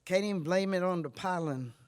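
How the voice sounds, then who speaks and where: An older woman from Virginia, a blues singer and guitarist, talking between songs in a wry, plainspoken, low-key storytelling manner with dry humor. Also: a little fast, darkish tone. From Virginia, USA. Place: museum performance venue. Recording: reverberant live hall with guitar.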